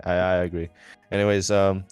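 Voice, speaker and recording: A man's voice: low-pitched, level tone, fairly quick, darkish tone, clean tone, dry recording, soft background music. A young man commentating a racing livestream and interviewing a driver, in a rambling, joking manner with many fillers and restarts. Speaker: race commentator and post-race interviewer.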